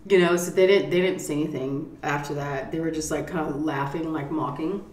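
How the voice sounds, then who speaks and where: A woman vlogger telling a profane, animated story while eating at a table. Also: on the low side, unhurried, echoey room. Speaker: mukbang vlogger.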